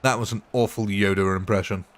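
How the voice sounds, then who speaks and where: A man's voice: fairly low pitch, steady tone, brisk. A man hosting a live gaming stream, chatting casually with viewers in a rambling, self-mocking way. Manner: rambling and self-mocking, prone to laughing at himself. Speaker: gaming livestream host.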